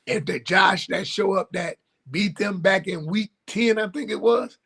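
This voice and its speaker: A man's voice: high voice, measured pace, vocal fry, fairly bright tone, slightly rough. A man co-hosting a sports talk show, arguing his points bluntly and emphatically in casual chat.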